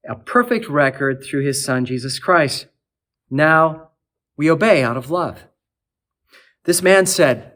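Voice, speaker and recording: A man preaching a sermon in earnest, building lists of words and easing down to a soft, low close. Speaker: archdeacon preaching. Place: cathedral.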